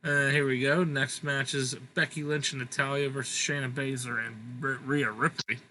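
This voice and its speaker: A man's voice: mid-range voice, flat delivery, normal speed, sharp tone, slight background noise, low-quality recording. A young man casually reading out match results from a game, plain with dry asides. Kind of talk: casual gaming commentary.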